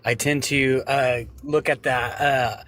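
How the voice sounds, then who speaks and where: A man's voice: medium pitch, flat delivery, takes it slowly, fairly bright tone. A man joking around in casual chat on a live stream, a bit self-deprecating. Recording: noisy background on a live stream.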